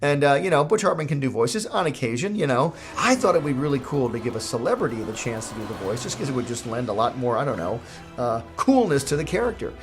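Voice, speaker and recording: A man's voice: medium pitch, big pitch swings, fast talker, faint music behind. A man, a cartoon creator, telling a jokey, self-mocking story in a casual vlog.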